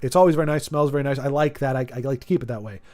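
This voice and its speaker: A man in his forties rambling in casual livestream chat, animated and jokey, often restarting sentences. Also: mid-range voice, very fast, soft background music. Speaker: streamer.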